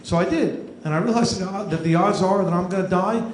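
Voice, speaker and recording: This stand-up set comes from a man in his fifties from New Jersey, whose high-sitting voice moves briskly with a dry, self-deprecating delivery. The club stage recording is echoey and picks up audience noise.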